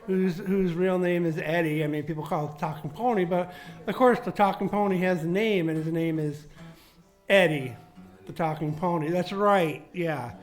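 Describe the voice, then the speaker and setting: A man at an open mic jam telling a halting, rambling tall tale between songs, repeating words as he goes. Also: sits high, soft background music. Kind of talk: rambling stage banter.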